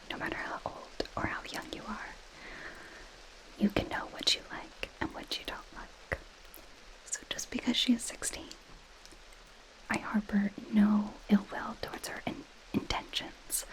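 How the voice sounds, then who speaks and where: A woman's voice: medium pitch, low-quality recording. A woman in a whispered role-play as a possessive goth girl friend, reading a book aloud and mocking it with dry sarcasm. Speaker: ASMR creator.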